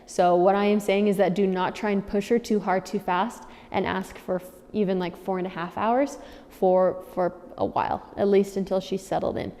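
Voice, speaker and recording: A woman dog trainer talking new owners through their puppy's routine in a firm, practical way. Her voice is mellow and dark, and it rings with a long reverb, as if she were recorded in a large hall. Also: medium pitch, little pitch movement, moderate pace. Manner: firm, repeats key warnings for emphasis. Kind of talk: instructional handover talk.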